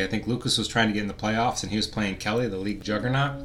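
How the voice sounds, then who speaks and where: A man's voice: fairly low pitch, steady tone, fast talker, fairly bright tone, soft background music. A man hosting a podcast, playfully quizzing and teasing his co-host. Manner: playful, teasing, quiz-master delivery. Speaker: podcast host running a quiz. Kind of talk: casual podcast banter.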